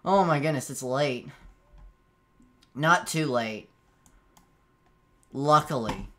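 A man's voice: mid-range voice, animated, slow pace, bright, forceful tone. A man streaming a game, chatting casually, stammering and repeating words, breaking into yelps and laughs when frustrated. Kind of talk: casual gameplay commentary.

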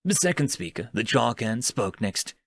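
A man narrating a science fiction story in an expressive, dramatic reading. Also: mid-range voice, normal speed, vocal fry, no echo, studio quality. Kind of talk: scripted narration.

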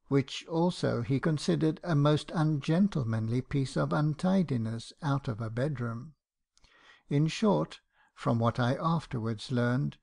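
Male audiobook narrator, mid pitch, gravelly texture, measured expressive first-person reading. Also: no echo, clean studio sound.

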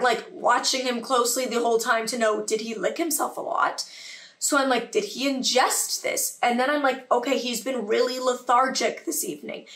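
A young woman tells a personal story to her vlog audience in a casual, animated ramble, acting out what everyone said along the way. Her voice sits a bit high. She is a little distant from the microphone. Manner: animated, tumbling retelling with many "like"s and quoted reactions. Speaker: YouTuber telling a personal story.

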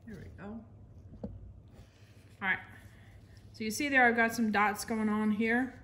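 A woman's voice: on the high side, steady tone, unhurried, fairly bright tone, a little hiss or hum. An American woman giving a casual, chatty painting demonstration, talking while she works and apologizing to viewers now and then. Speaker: art instructor.

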